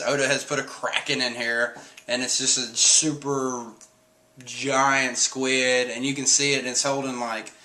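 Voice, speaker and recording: Young male reviewer, casual and giggly, with a bright and forceful tone. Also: mid-range voice, rough recording. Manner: chatty, laughs often, acts out quotes in silly voices. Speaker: comic chapter reviewer. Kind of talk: casual recap commentary.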